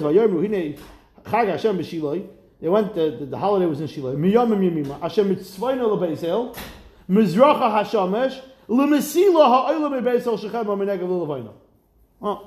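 A man teaching a Talmud class, lively and questioning, mixing Hebrew and Aramaic terms into his English. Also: high-pitched, roomy sound.

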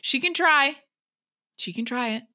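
A woman's voice: high-pitched, a little slow, pushed and bright, voice pushed up. A woman voicing an outraged teenage schoolgirl witch who shrieks insults.

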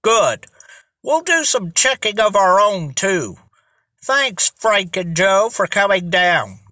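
Reader as a keen-eyed police chief, slow and bright. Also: medium pitch, big pitch swings, dry recording, studio quality, exaggerated voice. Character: shrewd police chief, middle-aged man.

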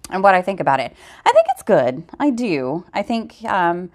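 A woman's voice: on the low side, big pitch swings, normal speed. A woman co-hosting a casual podcast chat, talking in loose, trailing sentences with restarts. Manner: chatty, trailing off into hesitant restarts. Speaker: podcast co-host.

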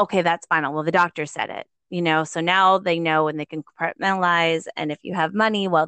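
Lively New mother telling a story. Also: sits low, dry recording. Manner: animated, acts out quoted voices, laughs often. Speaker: guest, parent. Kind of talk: conversational storytelling.

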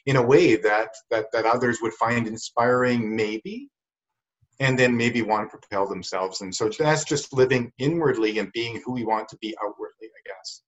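A man's voice: medium pitch, moderate pace. A man with a mid-range voice co-hosts a podcast and tells a story in an earnest, reflective way. The recording sounds dull and lo-fi. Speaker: podcast co-host. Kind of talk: casual conversation, storytelling.

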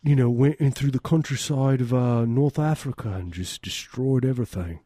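A man's voice: medium pitch, moderate pace, warm tone, no echo, clean studio sound, natural voice. A man voicing a boastful, goofy German caricature who speaks in broken grammar. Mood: blustering. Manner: broken grammar, proud and blustering.

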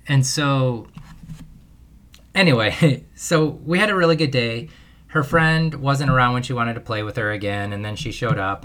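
A man's voice: lowish voice, fairly bright tone. A man hosting a parenting podcast alone, telling a long story in a loose, rambling way and laughing at himself often. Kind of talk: casual solo podcast monologue.

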